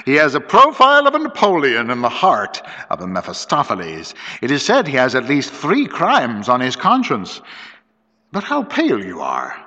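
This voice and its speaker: A teasing young officer speaks with a knowing air, as a man reading the story puts him on. His voice is bright and lively in pitch, heard in a dull lo-fi recording with a long hall reverb. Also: normal speed, exaggerated voice.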